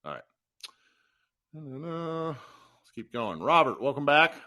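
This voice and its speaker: A man's voice: fairly high pitch, slow. A man hosting a live call-in sports podcast, talking casually and venting in bursts. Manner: animated, swears and vents in bursts. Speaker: podcast host. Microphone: remote live-stream call.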